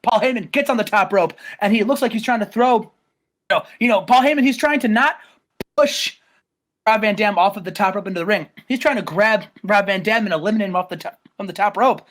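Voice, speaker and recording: A man giving a casual, rambling play-by-play recap, stumbling over names and breaking into loud shouted quotes. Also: sits high, a little fast. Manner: excitable, rambling, many restarts, bursts into loud acted-out quotes. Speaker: host recapping a wrestling game simulation.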